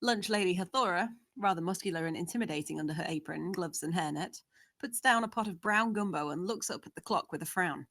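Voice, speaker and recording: A woman's voice: lowish voice, fairly quick, fairly bright tone. A woman narrating, steadily reading out the scene descriptions of a screenplay.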